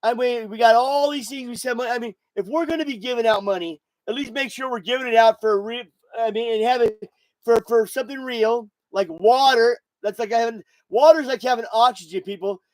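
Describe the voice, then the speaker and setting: A man's voice: very high-pitched, fairly quick, dry recording, low-quality recording. A man in his sixties hosting a podcast, rambling and swearing through a casual monologue while buzzed and intoxicated. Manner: rambling, profane, repeats himself. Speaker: podcast host.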